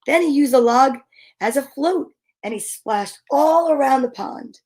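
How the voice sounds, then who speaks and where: Slow, high-voiced woman reading to children. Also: expressive. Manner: gentle and encouraging, asking the children questions and counting along. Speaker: children's story reader. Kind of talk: reading picture books aloud to children.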